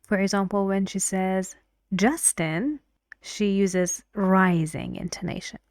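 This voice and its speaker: A woman teaching English pronunciation in an online lesson, explaining slowly and encouragingly, at times dropping to a half-whisper. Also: medium pitch, level tone, a little mellow, clean tone, dry recording, studio quality.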